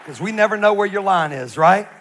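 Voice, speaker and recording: A man's voice: sits high, brisk, some chatter behind. A man preaching a sermon, telling a comic story and acting out the voices in it. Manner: animated, acts out voices in his stories. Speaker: pastor.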